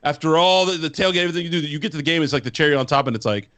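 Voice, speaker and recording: A man's voice: fairly high pitch, racing, fairly bright tone. A man co-hosting a podcast, raving with hyped, profane enthusiasm. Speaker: podcast co-host. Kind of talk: casual podcast banter.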